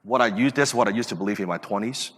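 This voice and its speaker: A man's voice: lowish voice, fast talker, a bit bright. Emphatic man in his late thirties. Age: late 30s. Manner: emphatic, with rhetorical questions. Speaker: podcast host. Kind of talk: motivational talk. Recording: reverberant room.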